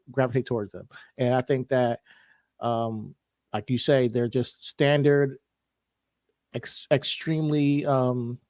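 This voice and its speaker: A man co-hosting a casual wrestling podcast, relaxed and sure of his opinions. He stretches words out when he makes a point. His mid-pitched voice is recorded dry and close. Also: no room sound. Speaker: podcast co-host.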